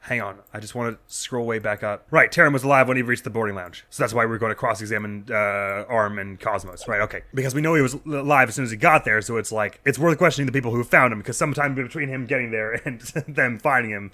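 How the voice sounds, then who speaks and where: A man's voice: mid-range voice, fast talker, hardly any pauses, bright, forceful tone. A man hosting a let's play, chatting casually about the game between reading its characters. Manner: chatty, reads all the voices. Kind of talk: casual gameplay commentary.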